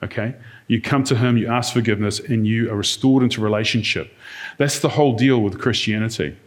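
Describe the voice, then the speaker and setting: A man's voice: lowish voice, fairly quick. A man preaching a sermon in a conversational way, now and then acting out quoted lines in different tones.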